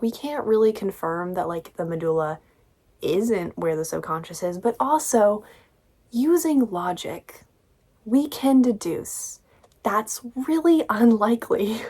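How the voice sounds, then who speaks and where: A woman's voice: medium pitch, darkish tone. Exasperated young woman ranting about a book. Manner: ranting, exasperated, sarcastic, swears freely. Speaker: book reviewer. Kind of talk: casual book review vlog.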